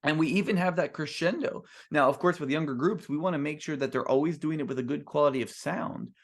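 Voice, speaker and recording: A man's voice: on the high side, quick pace. A man who is a composer, giving an earnest, emphatic talk to musicians at a band clinic and restarting his sentences often.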